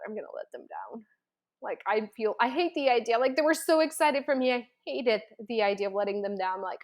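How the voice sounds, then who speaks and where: Woman vlogger, chatty and animated, mid-pitched, acts out her own inner voice. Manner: animated, many fillers, acts out her own past thoughts. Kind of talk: casual storytelling to camera.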